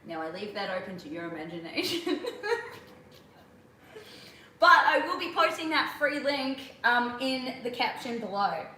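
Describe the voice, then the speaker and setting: Reading out viewer questions on her livestream, this Australian host in her twenties chats casually and laughs a lot. She speaks a little high and very animated, at a measured pace with frequent pauses and a sharp tone. The echoey room and her distance from the mic leave her sounding off-mic.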